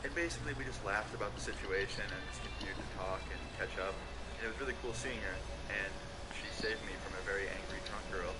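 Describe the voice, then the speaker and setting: A man's voice: on the low side, fast talker, over loud music, low-quality recording. A young man telling a casual story-time tale, swearing freely and filling with "like" and "okay?". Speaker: storytelling vlogger. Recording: loud vehicle noise behind the voice.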